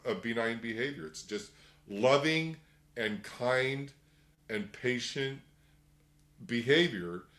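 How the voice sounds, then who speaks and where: A middle-aged man leads a workshop in an easygoing, conversational way. His voice sits at an ordinary middle pitch and carries a noticeable room echo. Now and then he slips into quick put-on voices to act out little scenes. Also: fairly bright tone. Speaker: workshop teacher. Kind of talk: casual spoken lecture. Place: room with a group.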